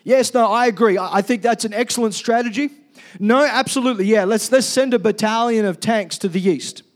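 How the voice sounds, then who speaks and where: Preacher doing a self-important colonel, loud and eager, high voice. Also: male voice, lightly acted. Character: pompous male army colonel faking a call.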